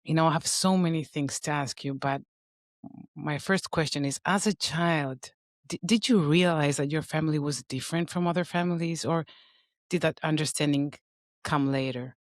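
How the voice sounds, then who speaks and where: A woman's voice: low-pitched, normal speed, no room sound, studio quality. A woman hosting a podcast interview, speaking eagerly and openly with emotion. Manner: warm-hearted, emotional, eager. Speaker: podcast host.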